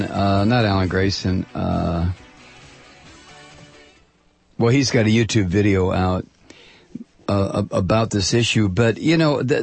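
A man hosting a political talk radio show, blunt and sardonic, with halting restarts. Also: lowish voice, gravelly, husky, no room sound.

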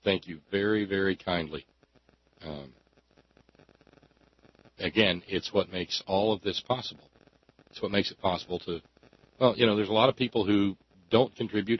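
A man hosting a radio call-in show, talking emphatically with drawn-out phrasing and many fillers. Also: low-pitched, husky. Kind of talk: talk radio monologue and call-in chat. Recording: dry, slightly dull radio studio sound.

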